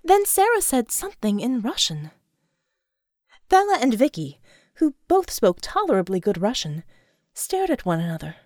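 A woman with a higher-pitched voice narrates an audiobook, telling the story in an expressive, measured way. The recording is dry, with clean studio sound.

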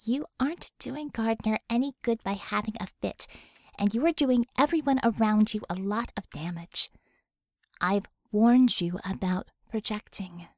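A woman reading aloud and voicing a stern, commanding woman leader who speaks slowly and deliberately, with quiet threat. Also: medium pitch, no echo, clean studio sound.

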